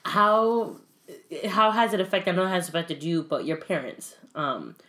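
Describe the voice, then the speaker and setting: A woman's voice: on the low side, moderate pace, a bit bright. A woman hosting a podcast, talking casually with a guest and acting out the quotes she tells. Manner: chatty, laughs while talking, acts out quotes. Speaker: podcast host. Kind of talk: casual conversation.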